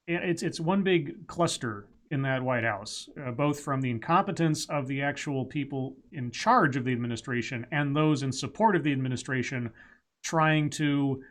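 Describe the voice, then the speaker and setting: A man's voice: medium pitch, normal speed, fairly bright tone. A man co-hosting a casual talk show, reading news stories aloud and adding wry asides. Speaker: podcast co-host reading news.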